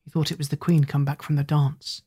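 Husky, gentle storybook narrator. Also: mid-range voice, level tone, brisk. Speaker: audiobook narrator.

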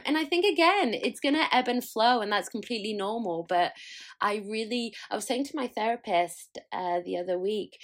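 A young adult woman hosting a solo podcast, talking candidly and chattily, swearing freely and laughing at herself. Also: on the low side. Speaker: podcast host.

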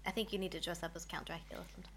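A woman's voice: fairly low pitch, steady tone, very fast, a bit bright, slight background noise. A woman co-hosting a casual chat, reading questions aloud, easygoing and giggly. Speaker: podcast co-host.

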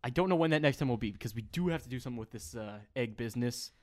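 A man's voice: medium pitch, animated, rapid-fire. A man playing in a tabletop role-playing game, rambling and hesitant as he describes his moves. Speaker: player. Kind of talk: casual chat while playing a tabletop game.

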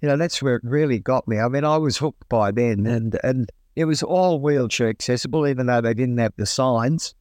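A middle-aged Australian man, a guest telling stories in a relaxed, colloquial way and acting out his own exclamations. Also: medium pitch, moderate pace, few pauses, dry recording, clean studio sound. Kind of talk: casual storytelling.

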